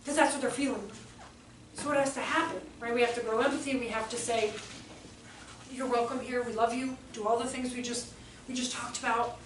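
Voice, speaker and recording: A high-voiced woman educator tells classroom stories to a live audience, animated and slipping into children's voices. She sounds far from the mic in an echoey room, with a faint hiss under her voice. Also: fast. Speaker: educator giving a talk. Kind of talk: storytelling presentation to an audience.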